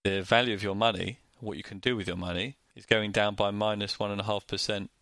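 A man with a Northern English accent co-hosting a finance chat, explaining things in a plain, measured way. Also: lowish voice, level tone, a bit bright, no echo. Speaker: co-host.

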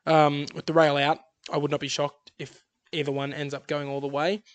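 A man's voice: on the high side, level tone, moderate pace. Upbeat man tipping races. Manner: upbeat, rattles off odds and form. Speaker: podcast co-host tipping horse races. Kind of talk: casual racing tips chat.

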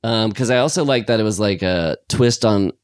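A man co-hosting a podcast, chatting casually about a horror film in an excitable, rambling way with sudden jumps in pitch. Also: moderate pace, clear, resonant tone, no echo, clean studio sound. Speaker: podcast co-host. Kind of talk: casual film review chat.

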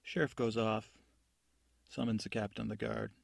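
A man hosting a sleep podcast, telling a rambling improvised bedtime story in a meandering, low-key way, with asides to listeners. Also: steady tone, normal speed, gravelly, no echo, clean studio sound.

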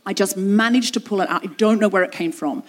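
A woman's voice: mid-range voice, fast talker, very noisy. A woman hosting a live show, telling a comic personal story with self-mocking asides. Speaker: podcast host. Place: open-air theatre stage.

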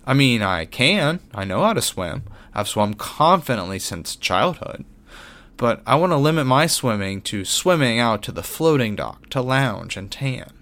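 A man's voice: medium pitch, very animated, measured pace, fairly bright tone. A man hosting his own sports podcast, reading a wry, self-mocking script with jokey asides. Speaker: podcast host. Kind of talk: scripted monologue.

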